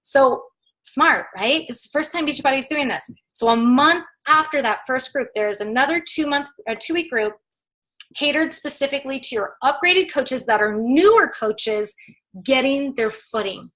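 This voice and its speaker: A woman coaching her team on a video call, upbeat and excitable, chatting with lots of fillers. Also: high voice, moderate pace, rough recording. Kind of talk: casual pep talk on a video call.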